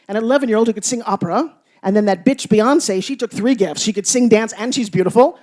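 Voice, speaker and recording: Her voice on the high side and her delivery fast, a woman gives a motivational speech to a live crowd. She tells stories, teases playfully, and swings from loud outbursts to quiet asides.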